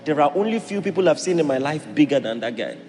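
A Nigerian man preaching a sermon as a pastor, animated and acting out voices in his stories. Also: fairly high pitch, fast, in a large hall.

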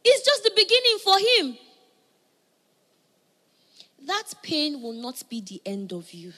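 Bright, high-voiced woman preaching. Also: sing-song, a little slow, long pauses. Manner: swings from loud emphatic calls to soft near-whispers. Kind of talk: sermon.

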